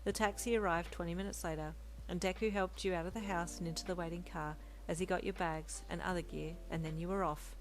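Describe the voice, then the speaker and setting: A woman narrating second-person romance fanfiction in a gentle, unhurried reading. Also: lowish voice, fairly even intonation, poor audio. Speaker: fanfiction reader.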